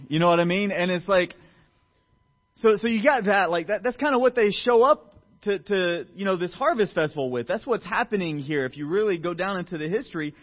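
A man preaching a sermon in a loose, conversational way, full of fillers and asides, who acts out quoted voices with big jumps in pitch and loudness. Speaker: pastor. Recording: muffled lo-fi recording.

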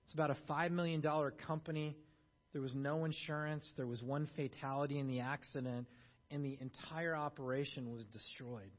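A man preaching a sermon, telling a story in a hushed low voice, then rising loud for emphasis. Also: fairly even intonation, a little fast. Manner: storytelling, drops soft and low for quotes, rises loud for emphasis. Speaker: pastor. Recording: dull lo-fi sermon recording.

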